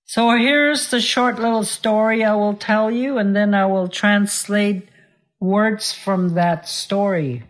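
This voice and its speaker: Slow, deliberate woman teaching words. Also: steady tone. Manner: voices characters with raised pitch. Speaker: language teacher. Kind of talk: storytelling and vocabulary lesson.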